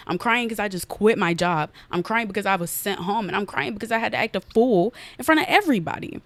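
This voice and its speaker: A young woman hosting a casual podcast, retelling a story in an animated, fast way and acting out her own outbursts, recorded on an iPad. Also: mid-range voice, no room sound. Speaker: podcast host. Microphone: iPad on an unsteady stand.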